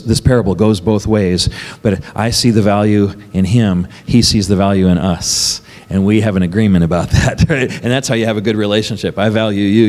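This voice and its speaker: A man's voice: lowish voice, dark tone. A man pastor preaching a sermon in a conversational way, often asking the congregation questions and laughing between points. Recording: church hall with long reverb.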